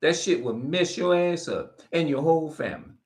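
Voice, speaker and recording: A man preaching straight to camera in a loose, informal way, mixing scripture readings with blunt cursing. His pitch swings widely as he hammers his points home, and he often restarts and repeats phrases for emphasis. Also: lively intonation, moderate pace. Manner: emphatic, profane, repeats himself. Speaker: street preacher.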